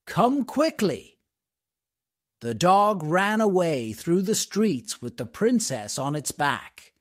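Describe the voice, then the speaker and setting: A man narrating a simple storybook for English learners. He reads slowly and clearly, in a slightly high voice with lively intonation. The recording is dry and close. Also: dry recording. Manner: slow, clear, expressive reading.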